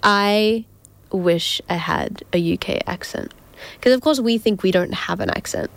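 A woman's voice: medium pitch, unhurried, vocal fry. A young woman hosting a casual radio show, chatty and rambling, often giggling and filling gaps with ums. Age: young adult. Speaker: community radio host. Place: radio studio.

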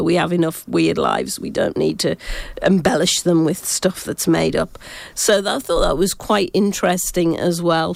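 Gravelly woman telling ghost stories. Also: lowish voice, darkish tone, no room sound. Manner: rambling, self-interrupting storytelling. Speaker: psychic. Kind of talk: casual ghost-story chat.

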